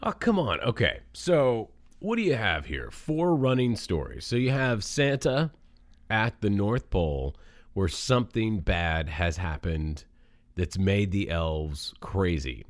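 A man with a very low voice talks casually with a co-host. He gets animated as he argues, his voice leaping up. The sound is dry and close. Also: slow pace, dry recording. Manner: animated, jumps high in pitch when arguing. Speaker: movie podcast co-host. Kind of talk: casual chat.

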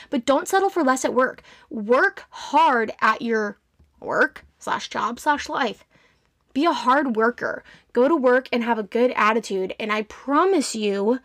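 Brief: woman in her twenties, podcast host, emphatic pep-talk delivery, brightish voice, dead-dry booth sound. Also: high voice, no room sound. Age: 20s. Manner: earnest and emphatic, with quick rants and acted-out quotes. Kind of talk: motivational solo podcast talk.

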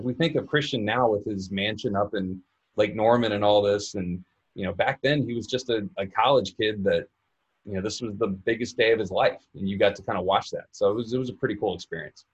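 Low-voiced easygoing man telling stories. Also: fairly quick, slightly rough. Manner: easygoing, anecdotal. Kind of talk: casual storytelling. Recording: dull lo-fi sound.

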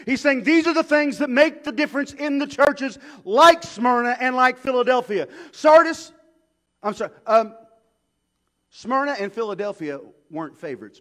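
High-voiced preaching man. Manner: preaching with big swings from hushed to shouted. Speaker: pastor. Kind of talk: sermon.

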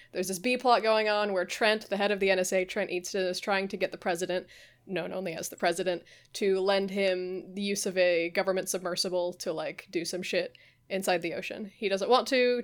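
Woman recapping a game plot, casual and profane. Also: mid-range voice. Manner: loose, profane storytelling with amused laughs.

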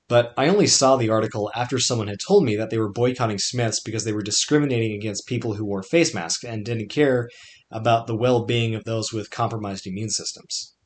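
A man's voice: on the low side, moderate pace. A young man narrating his own podcast memoir in a wry, conversational way, with dry asides. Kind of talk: scripted personal narration.

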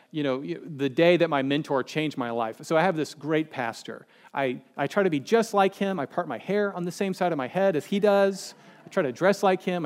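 A male pastor giving a casual, conversational sermon with humorous asides and acted-out quotes. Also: fairly high pitch. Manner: chatty, joking, acts out quoted people.

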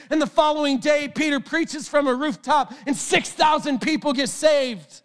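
A male preacher delivering a sermon with passion, often raising his voice to a shout. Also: very high-pitched.

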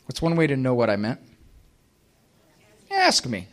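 A man's voice: medium pitch, huge pitch swings, a little slow, long pauses, fairly bright tone. A man giving a live talk to an audience, emphatic and sarcastic, firing off rhetorical questions.

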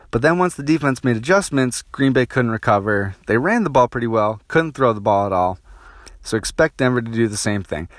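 A man's voice: medium pitch, fairly bright tone, no echo, clean studio sound. A man giving football betting picks in a brash, blunt monologue full of profanity. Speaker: sports betting picks host.

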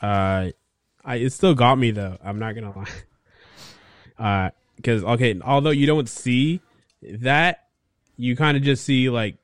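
A man's voice: mid-range voice, a little slow, long pauses, no room sound, studio quality. A man co-hosting a podcast, chatting casually and rambling with lots of fillers and restarts. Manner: rambling, laid-back, many fillers and restarts. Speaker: podcast co-host. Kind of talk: casual chat.

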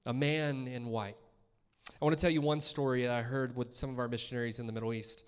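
A man's voice: medium pitch, steady tone, fairly quick, smooth. A man preaching a sermon as a guest speaker in a church, talking conversationally and asking the congregation questions.

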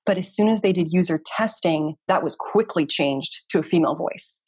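A woman in her thirties, a researcher and community founder, talking quickly and animatedly in a casual interview, often saying "like" and "you know.". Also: lowish voice, a little mellow, slightly rough, no echo, clean studio sound.

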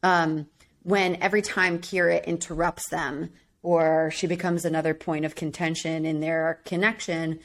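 A woman's voice: low-pitched, level tone, normal speed. A woman co-hosting a podcast in a casual chat, talking in a chatty way full of "like" and laughing often. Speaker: podcast co-host. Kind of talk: casual chat recapping a reality show.

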